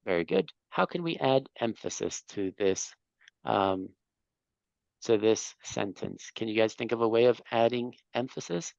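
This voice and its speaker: A man's voice: mid-range voice, unhurried, creaky, a little mellow, dry recording, highs cut off. A man teaching an English class, patiently explaining grammar and correcting students.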